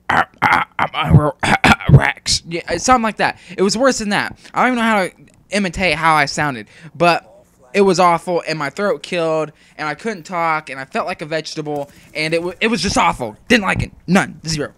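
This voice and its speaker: Young male gaming commentator, slightly high voice, rambling and slangy, casual swearing, throat still recovering. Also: fairly bright tone, no echo. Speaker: gaming YouTuber. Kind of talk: off-the-cuff gameplay commentary.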